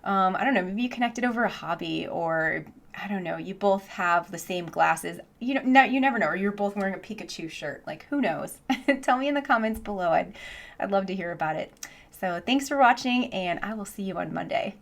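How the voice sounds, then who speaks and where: A woman teaching English online, chatting casually in a vlog with lots of "like" and easy laughter, speaking into a boom headset mic from her home office. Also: lively intonation, brisk, creaky. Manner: chatty, says "like" often, laughs easily.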